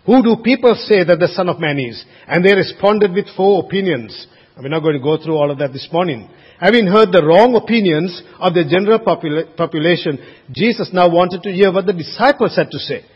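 A man's voice: high-pitched, lively intonation, a little fast, breathy edge. A man preaching a sermon as pastor, earnest and emphatic, with frequent restarts and casual asides to the congregation. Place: church sanctuary. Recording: dull lo-fi sound with long church reverb.

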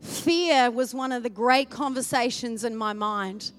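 A woman preacher telling a personal story in a sermon, swinging from loud, excited passages to hushed, tender ones. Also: on the high side, a little slow, faint music behind. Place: church service.

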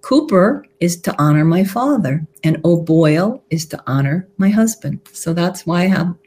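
Friendly, laughing woman guest with a lower voice. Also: animated, normal speed, a little mellow. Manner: friendly, laughs often while telling stories. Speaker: author and TV host, guest. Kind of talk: casual talk show interview.

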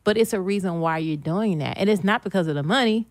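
A woman's voice: mid-range voice, quick pace, dry recording. A woman guest on a podcast in casual chat, speaking earnestly and motivationally, often repeating her key phrases.

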